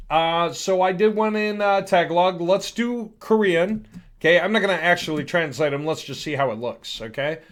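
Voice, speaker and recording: A man hosting a casual software demo, chatty and thinking aloud as he clicks through. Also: high voice. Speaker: host demonstrating software. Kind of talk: casual screen-recorded product demo.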